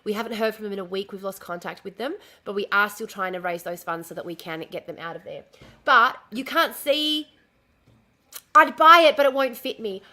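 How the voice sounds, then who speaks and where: On a casual livestream, a woman shows off a dress she's sewing while rambling, getting easily distracted, and swearing freely. Her voice is mid-range, bright, and forceful, and she talks fairly quickly.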